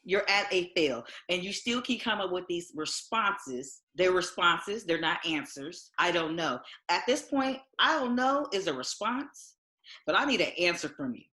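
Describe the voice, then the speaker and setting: A woman's voice: fairly low pitch, moderate pace, roomy sound. A woman co-hosting a casual recap podcast, talking animatedly, acting out what she would say and laughing often. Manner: animated, acts out quotes, frequent laughter. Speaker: podcast co-host.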